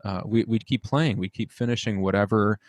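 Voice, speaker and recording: Young Midwestern man, low dry voice, earnest band director reminiscing, halting delivery. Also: dry recording. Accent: Midwestern American. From United States. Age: young adult. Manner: earnest, halting, with many restarts and fillers. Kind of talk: reflective interview storytelling.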